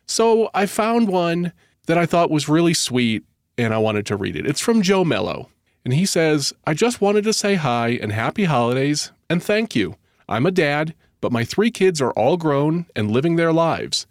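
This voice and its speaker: A man's voice: on the high side, dry recording, clean studio sound. A man from Connecticut co-hosting a holiday podcast, chatting in a jokey, earnest way. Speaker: podcast co-host. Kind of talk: casual chat.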